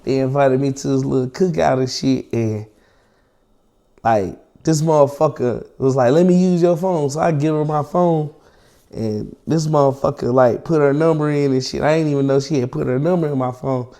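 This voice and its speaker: A young man, an interview guest, telling a long personal story in slangy, profane, animated casual talk. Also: mid-range voice, moderate pace, vocal fry.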